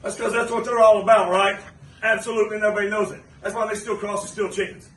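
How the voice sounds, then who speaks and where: A man, a pro wrestler, delivering a steady, taunting, boastful promo. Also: sits high, fast, slight background noise. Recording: roomy arena mic from a distance.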